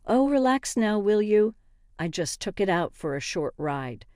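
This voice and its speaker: A woman's voice: medium pitch, big pitch swings, a little slow, a little mellow, dry recording, studio quality, pitched above the performer's own voice. A woman voicing a smug, entitled older mother-in-law who talks in a nonchalant, dismissive way in a narrated story.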